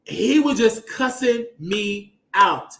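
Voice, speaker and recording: High-voiced expressive male show host. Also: slow. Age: 30s. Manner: emotional, expressive, swings into loud exclamations. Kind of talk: casual commentary show.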